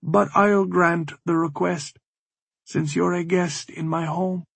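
A man's voice: sits high, fairly even intonation, takes it slowly, creaky, fairly bright tone, breathy edge, no echo, pitched above the performer's own voice, heavily acted. A man reading an audiobook, voicing a cold, scheming, otherworldly woman who speaks in cryptic taunts. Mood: dry. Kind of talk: audiobook character voice.

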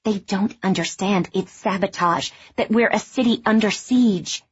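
A woman voicing a teenage girl who insists on a conspiracy theory in an urgent, hushed way. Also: medium pitch, unhurried, breathy edge, no room sound, muffled recording. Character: conspiracy-minded teenage girl, earnest and secretive.

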